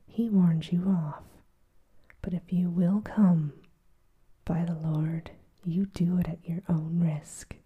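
A woman voicing a gruff, furious older male professor in a whispered role-play, growling and insulting. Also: lowish voice, fairly even intonation, slow, narrow, tinny audio, heavily acted. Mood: raging.

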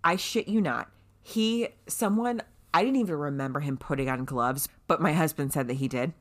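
A woman telling a story in casual chat, animated and swearing freely, loudly acting out what people said. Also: low-pitched, normal speed. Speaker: guest telling her birth story.

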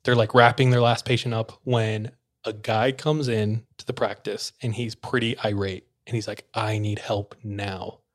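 A man spins a story in a relaxed, chatty way. His voice sits in a middle pitch, and he throws himself into the telling, acting out voices and breaking into laughs. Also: normal speed, few pauses. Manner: animated, acts out quoted voices, laughs while telling. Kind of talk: casual storytelling.

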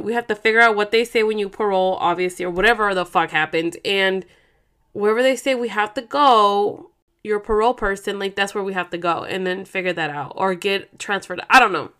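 A woman's voice: mid-range voice, a bit bright, clean tone. A woman, hosting a vlog in casual chat, rambling and swearing freely as she tells stories. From Oakland, California. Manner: rambling, profane, slangy storytelling. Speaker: vlog host.

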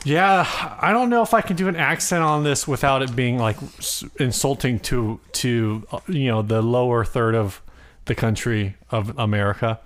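A man's voice: mid-range voice, normal speed. A man co-hosting a casual podcast, reading listener reviews aloud and laughing easily between them. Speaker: podcast co-host.

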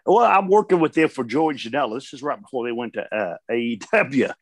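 A man's voice: mid-range voice, brisk, no room sound. An older man, a veteran wrestler, telling stories in a casual chat, laughing often and acting out what others said. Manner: animated storyteller, laughs often, acts out quotes.

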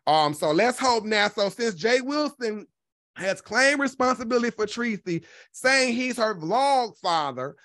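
A foul-mouthed commentary vlogger with a mid-range voice, ranting with loads of sass and drawn-out emphasis. The sound is dry and close, with no room around it. The delivery keeps swinging between loud jabs and low asides. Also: dry recording. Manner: sassy, animated, swears constantly, drawn-out emphasis. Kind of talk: profane gossip commentary.

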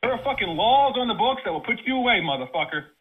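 A man's voice: very high voice, lively intonation, fast, breathy edge. A man on an angry phone call, furious, threatening and swearing. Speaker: prank call target. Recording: phone line.

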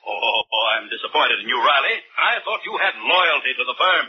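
Bossy company boss, 1940s radio sitcom, lively pitch, lo-fi. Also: male voice. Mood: brisk. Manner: bossy and brisk. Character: brisk, pushy company boss. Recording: dull lo-fi old radio recording.

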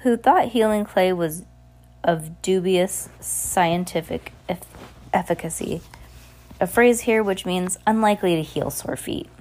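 A woman's voice: fairly low pitch, measured pace, a little mellow. A woman reading a novel aloud in an unpolished way, restarting words as she goes. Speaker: reader.

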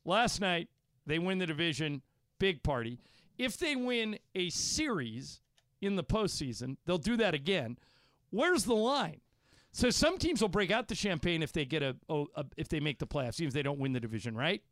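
A sports talk radio host presses his co-hosts with pointed, argumentative questions. His voice sits on the high side with big pitch swings, moderate pace and a bit of brightness, captured dry on a studio-quality microphone.

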